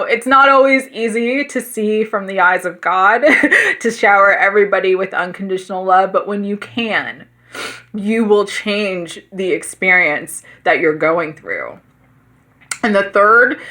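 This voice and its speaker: A woman speaks with a bright, clear voice in an emotional spiritual talk, close to tears. She is earnest and encouraging, with warmth in how she reaches out to her listeners. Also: medium pitch. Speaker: spiritual teacher. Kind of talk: heartfelt spiritual talk to camera.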